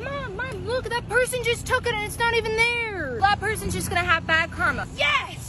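A woman's voice: very high-pitched, normal speed, a loud crowd. A woman voicing a whiny, spoiled little girl who complains and pleads in a comedy sketch. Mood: indignant. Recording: noisy recording.

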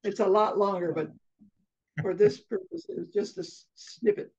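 A woman telling a children's story in an expressive oral storytelling style, slipping in Spanish phrases. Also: medium pitch, moderate pace, gravelly, breathy edge. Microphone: video call. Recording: slightly muffled online video call.

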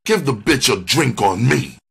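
A man's voice: mid-range voice, lively intonation, a little slow, creaky, fairly bright tone, slight background noise, voice pushed up. A man voicing a cocky young male hustler who speaks in a brusque, commanding way.

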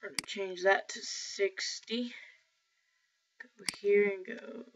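A woman talking through a software tutorial in a rambling, casual way, often correcting herself. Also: medium pitch, steady tone, takes it slowly. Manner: rambling, self-correcting, filler-heavy. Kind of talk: casual screen-recorded tutorial. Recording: dull lo-fi mic with faint noise.

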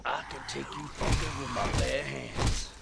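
Brief: a gravelly, defiant old brawler, game audio buried in loud hiss, heard from a distance. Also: male voice, mid-range voice, measured pace. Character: tough older swamp brawler, foul-mouthed.

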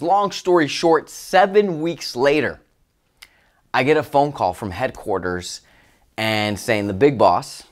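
A man who works as a life coach, telling a personal story to camera in a casual, motivational way, expressive and excitable, with loud exclamations. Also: medium pitch. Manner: expressive and excitable, with exclamations and big swings in loudness.

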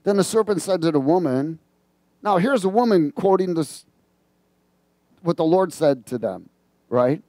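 A male preacher delivers a sermon in a fairly high but mellow voice. He reads scripture aloud and stops to have the congregation call out the missing words. The sound is dry and close. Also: expressive, measured pace, long pauses, no room sound. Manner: prompts the congregation to fill in words.

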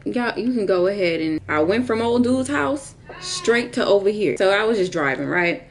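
A woman in her twenties telling a candid, profane story in casual vlog chat, laughing often and jumping into squeaky high quotes. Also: lively intonation, moderate pace, a little hiss or hum. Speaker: storytime vlogger.

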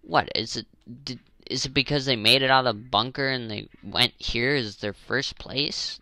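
A young man giving casual, rambling commentary while playing a zombie game, jokey and prone to exasperated high-pitched questions. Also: normal speed, hardly any pauses, bright, forceful tone, dry recording. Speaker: gaming channel host.

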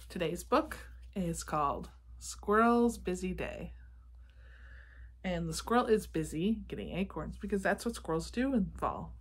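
A woman reading a picture book aloud to children, gently asking them questions about the pictures. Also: on the low side, husky. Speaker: children's storybook reader.

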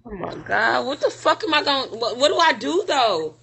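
Young adult woman streamer, high bright voice, profane rambling vent. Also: very animated, brisk. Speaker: live streamer. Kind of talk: casual livestream venting.

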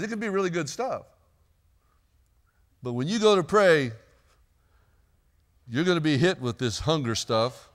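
A man's voice: fairly high pitch, clear, resonant tone. A man preaching a sermon in a church, chatty and joking with the congregation between readings. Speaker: pastor. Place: church sanctuary.

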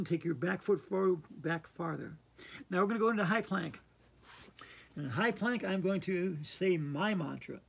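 A woman's voice: fairly low pitch, gravelly, darkish tone, breathy edge. A woman teaching a playful yoga lesson at home, chatty and silly. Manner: silly, chatty, breaks into singing. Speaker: yoga instructor. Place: home hallway.

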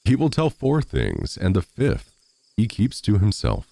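A man playing a crafty little peasant farmer, sly and knowing, lively lilt, gravelly edge. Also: lowish voice, measured pace, no room sound, pitched above the performer's own voice, exaggerated voice.

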